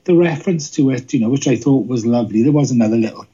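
A man co-hosts a podcast in a casual review chat, rambling and hesitant with many restarts. His medium-pitched voice is mellow and husky and moves very fast. The sound is dull and lo-fi.

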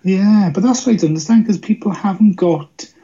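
A man's voice: sits high, brisk, warm tone, slightly rough. A man co-hosting a podcast, chatting in a rambling, hesitant way with many restarts, recorded with dull lo-fi sound. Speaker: podcast co-host. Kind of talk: casual review chat.

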